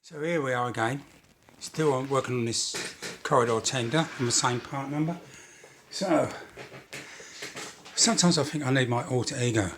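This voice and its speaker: A man's voice: medium pitch, normal speed, background noise. A man hosting a model railway channel, narrating his build in a rambling, casual way with jokey, self-deprecating asides.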